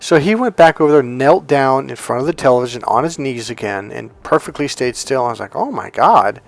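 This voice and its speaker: A man, a dating coach, telling a rambling personal story in casual monologue, acting out other people in a high voice. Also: lively intonation, fairly quick, gravelly.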